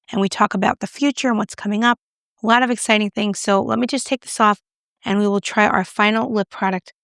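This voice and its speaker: Chatty woman with a gravelly edge. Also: fairly high pitch, fairly bright tone, no room sound, studio quality. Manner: chatty, self-mocking, talks while applying makeup. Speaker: beauty vlogger. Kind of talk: casual makeup review to camera.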